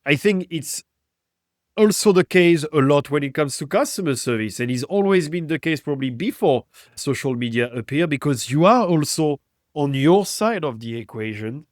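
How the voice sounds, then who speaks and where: A man's voice: a little high, expressive, moderate pace, dry recording, clean studio sound. A man hosting a business podcast, reflecting on customer perspective and posing thoughtful questions to his guest. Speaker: podcast host. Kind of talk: interview podcast.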